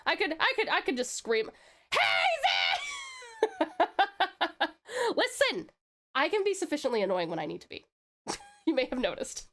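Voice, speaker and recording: High lively Australian woman streamer. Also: normal speed, pauses often. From Tasmania, Australia. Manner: playful, teasing, bursts of excited squeals. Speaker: VTuber streamer. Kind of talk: casual live-stream chat.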